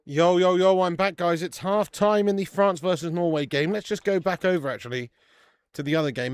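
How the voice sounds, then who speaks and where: Male streamer, casual banter, excitable shout-outs, dry close mic. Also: mid-range voice, no echo. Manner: excitable, laughs often, bursts of shouting greetings. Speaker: football watch-along host. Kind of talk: casual live-stream chat.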